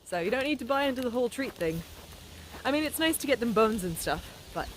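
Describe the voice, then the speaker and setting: A woman's voice: on the high side, lively intonation, brisk, background noise. Rambling woman with a put-on British accent. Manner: rambling, whimsical, chatty. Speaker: nature vlogger. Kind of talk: casual walking vlog. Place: outdoors in the woods.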